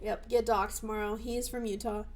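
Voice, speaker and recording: A young woman streaming live, chatting casually, bubbly and excitable with sudden squeals. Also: mid-range voice, moderate pace.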